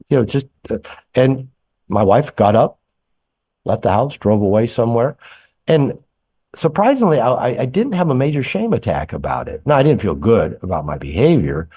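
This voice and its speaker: An older man talks through personal stories on a podcast with a lively, swinging voice. He is candid and self-deprecating and acts out conversations with humor. His pitch sits in the ordinary middle for a man. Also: slightly rough. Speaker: author and psychotherapist guest. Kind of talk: candid storytelling in a podcast interview.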